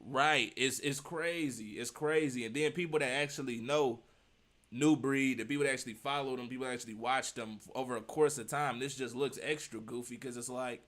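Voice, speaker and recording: A man's voice: medium pitch, fairly quick, a bit bright. A man giving casual reaction commentary, emphatic and slangy, firing off rhetorical questions and repeating his points. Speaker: streamer reacting to a video.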